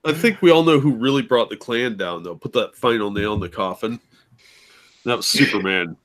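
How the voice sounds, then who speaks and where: A man joining a live stream chat with deadpan, wry jokes. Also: mid-range voice, normal speed.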